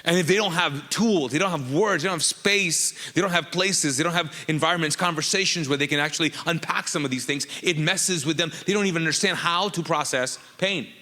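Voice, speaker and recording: A man's voice: fairly high pitch, brisk, hardly any pauses, sharp tone, big-room sound. A man preaching a sermon as pastor, talking conversationally and bantering with the congregation with questions. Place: church auditorium.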